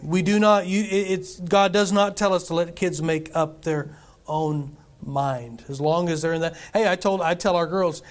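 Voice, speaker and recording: Middle-aged pastor preaching in a higher voice. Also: male voice, fairly even intonation, moderate pace. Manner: conversational preaching with rhetorical questions to the congregation. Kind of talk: sermon. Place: church sanctuary.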